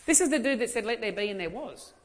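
High, bright-voiced Australian pastor preaching. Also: male voice, lively intonation, fast. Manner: storytelling preacher, conversational with repeated emphatic phrases. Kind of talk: sermon.

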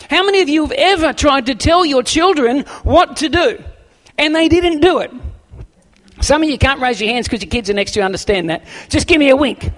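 High-voiced preaching man, hall echo. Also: a little fast. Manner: animated preaching with acted-out quotes and stammered restarts. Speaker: pastor. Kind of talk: sermon. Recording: long hall reverb.

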